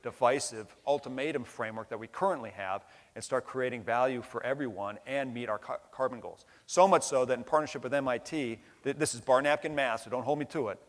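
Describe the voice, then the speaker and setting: A middle-aged American man delivers an impassioned conference keynote in a brisk, mid-range voice with few pauses. He's blunt and emphatic, swears casually, and keeps tagging points with "right?". The large hall gives the recording a long reverb.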